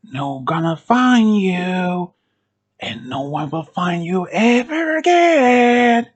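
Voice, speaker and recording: A narrator voicing a maniacal, knife-wielding male clown who taunts in drawn-out, cackling threats. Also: mid-range voice, big pitch swings. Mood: slow taunting.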